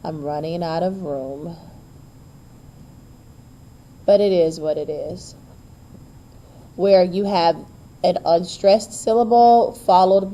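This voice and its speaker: Low, slow-talking woman teacher with chatty asides. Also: mellow. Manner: chatty, self-deprecating asides to the class; stretches out and stresses syllables to demonstrate rhythm. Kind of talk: classroom lesson on poetry meter. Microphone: recorded on a camera while writing on paper.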